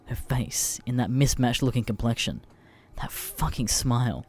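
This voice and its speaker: A man narrating an internet horror story in a deadpan, profane way. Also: medium pitch, normal speed, faint music behind. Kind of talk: scripted narration of internet stories.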